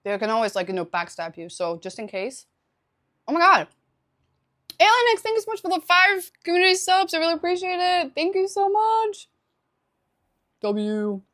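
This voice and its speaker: A woman's voice: extremely high pitch, lively intonation, a little fast, pushed and bright. A young woman live streaming, chatting casually with her viewers, laughing often and thanking them for subscriptions.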